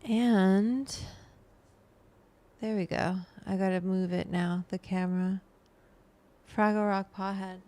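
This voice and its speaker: A woman's voice: medium pitch, fairly even intonation, slow, pauses often, warm tone. A woman hosting a casual livestream, rambling to her viewers and her pet as she goes. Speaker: livestream host.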